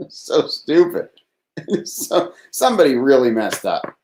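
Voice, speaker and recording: A man from Texas talks loosely through a live nightly show, rambling and breaking into laughter. His pitch leaps up and down a lot. The room around him has a noticeable echo. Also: sing-song, drawn-out words, pauses often, a little mellow, slight background noise. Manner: rambling, laughs often, swears. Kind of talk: casual live-stream monologue.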